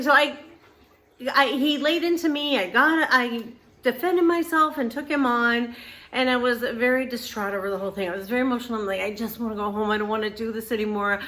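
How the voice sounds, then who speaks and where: A middle-aged woman with a fairly high, bright voice recounts a personal experience in casual, unscripted talk. She rambles, doubles back on herself and fills pauses with ums. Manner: rambling, with many restarts and fillers. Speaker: channel host.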